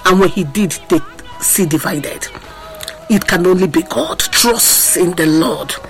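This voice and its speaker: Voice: medium pitch, expressive, measured pace, vocal fry, a bit bright, faint music behind, low-quality recording. A preacher gives a sermon, repeating refrains in a sing-song, impassioned way and asking the listeners whether they are hearing. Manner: asks the audience to listen.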